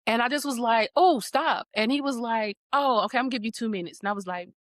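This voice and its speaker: A woman's voice: on the high side, fast talker, dry recording. A woman guest on a podcast, telling a story in a casual way and acting out the voices of the people she quotes. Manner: animated, acts out quoted voices.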